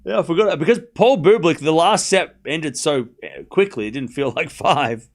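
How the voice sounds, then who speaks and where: A man's voice: a little high, normal speed. Chatty man calling a tennis watchalong. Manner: chatty, jokey, calls scores while reading chat. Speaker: watchalong host. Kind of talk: casual live tennis watchalong commentary.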